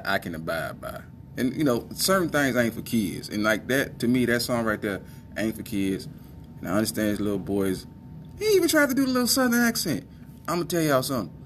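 A man from the Midwest hosting a podcast, doing casual comedic commentary in an animated, exasperated way and talking straight to his listeners. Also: medium pitch, slight background noise. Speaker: podcast host.

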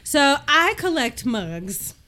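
A woman, a podcast co-host telling relaxed, humorous stories about her everyday habits. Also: high-pitched, slow, slight background noise. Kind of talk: casual chat.

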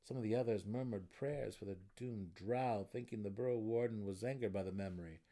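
A man narrating a fantasy novel as an expressive dramatic reading. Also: fairly low pitch, fairly quick.

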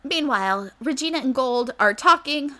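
A woman co-hosting a comedy podcast, recapping a TV episode in casual chat with a sarcastic edge and quick acted-out character lines. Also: sits high, expressive, bright, forceful tone.

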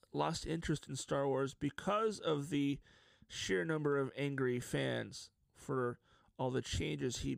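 A man hosting a casual solo podcast, telling stories in an excitable, openly emotional way. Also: medium pitch, gravelly, no echo. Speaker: podcast host.

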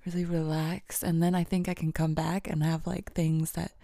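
A woman's voice: low voice, flat delivery, normal speed, vocal fry, warm tone, no room sound, studio quality. A young woman hosting a casual solo podcast, rambling and self-deprecating, often laughing and dropping into whispers. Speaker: podcast host.

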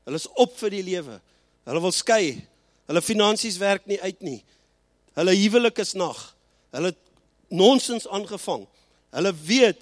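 Male pastor, bilingual sermon delivery, high expressive voice, dry close recording. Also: no echo. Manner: switches between Afrikaans and English, slows and rises for emphasis.

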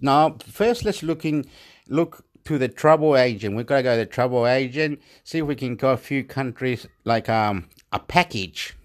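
A man from Chile, talking in a rambling, profane monologue in broken English that jumps between loud and soft. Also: medium pitch, normal speed. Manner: excitable, repetitive, swings loud and soft.

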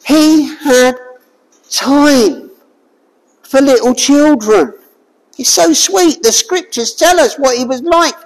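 A woman preaching a sermon, expressive and full of rhetorical questions to her listeners. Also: high-pitched, slow pace, pauses often, big-room sound, rough recording.

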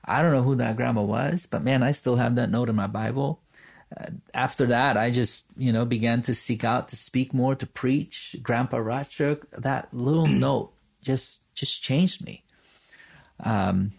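An earnest pastor talks through personal stories in a relaxed podcast chat, often circling back with fillers and restarts. His voice is very gravelly and husky. He sits at a middling pitch for a man. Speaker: pastor and church planter. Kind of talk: podcast conversation, storytelling.

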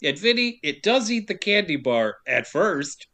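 A man with a slightly high voice recaps a movie in casual, jokey chat. He keeps the story rolling and slips into quick silly character voices along the way. The tone stays loose and conversational throughout. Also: sing-song, pushed and bright. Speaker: podcast co-host recapping a film.

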